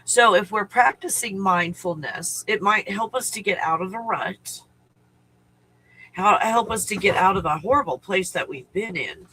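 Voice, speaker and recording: A man's voice: high-pitched, normal speed, bright, forceful tone, a little hiss or hum, rough recording. A man hosting a casual spiritual live stream, rambling and restarting his thoughts, now and then breaking off to talk to his dog. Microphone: live stream microphone at home.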